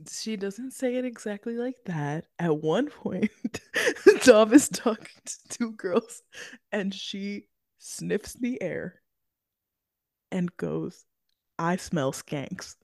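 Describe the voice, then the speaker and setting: A woman's voice: medium pitch, animated, extremely slow, a little mellow, no room sound, studio quality. A woman co-hosting a podcast in casual chat, giggly and laughing often. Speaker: podcast co-host.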